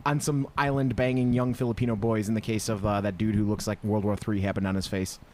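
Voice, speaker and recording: A man co-hosting a podcast, talking in sarcastic casual chat with low asides. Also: flat delivery, quick pace, darkish tone. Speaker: podcast co-host.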